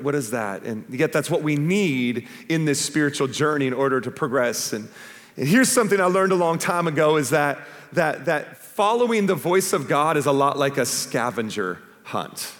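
A man preaching a sermon as pastor, animated and humorous, asking the congregation questions. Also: on the high side, normal speed, in a large hall. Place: church stage before a live congregation.

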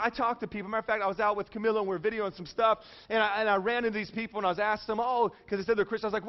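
A man's voice: sits high, lo-fi sound. A man preaching a sermon in a conversational, jokey way, often checking in with the audience. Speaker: pastor.

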